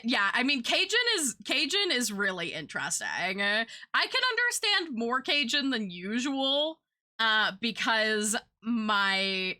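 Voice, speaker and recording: A woman's voice: mid-range voice, bright, forceful tone. A young woman streaming, chatting casually with her viewers in a rambling, talkative way and swearing now and then.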